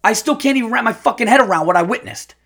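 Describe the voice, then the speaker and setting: A man hosting a podcast, ranting loudly and profanely about sports. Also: very high voice, animated, rapid-fire. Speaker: podcast host. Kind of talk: solo podcast rant.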